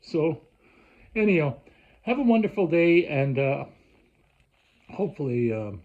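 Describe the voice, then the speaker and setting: A man's voice: a little high, very animated, a little slow, narrow, tinny audio. A man from Canada, ranting in a rambling, worked-up way with lots of restarts. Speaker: vlogger. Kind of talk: rambling casual rant.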